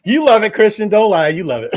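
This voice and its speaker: A man hosting a live stream, loud and joking, laughing often. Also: sits high. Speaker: livestream host. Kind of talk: casual live stream chat.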